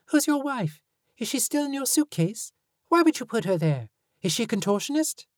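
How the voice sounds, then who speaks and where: A high-pitched, nosy child firing off blunt questions, as a woman puts the voice on. The pitch leaps about in a dry, close storybook reading. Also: very animated, no echo. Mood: demanding. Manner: demanding, rapid-fire questions.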